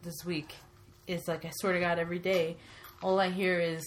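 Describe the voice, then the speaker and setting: A woman's voice: lowish voice, level tone, moderate pace, a little hiss or hum. A woman co-hosting a casual podcast, telling stories with swearing and mimicking shrieking kids. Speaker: podcast co-host.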